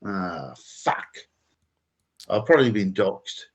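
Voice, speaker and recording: A man's voice: on the low side, big pitch swings, slow, husky, muffled recording. A man hosting a call-in livestream, sarcastic and profane in mock-serious banter. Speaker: livestream host. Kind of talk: casual call-in stream banter.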